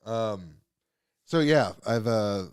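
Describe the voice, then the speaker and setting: Lowish male voice, rambly swearing podcast guy, dry close mic. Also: expressive, takes it slowly, clear, resonant tone, no echo. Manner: rambling, profane, laughs often. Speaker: podcast co-host, comedian. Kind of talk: casual chat.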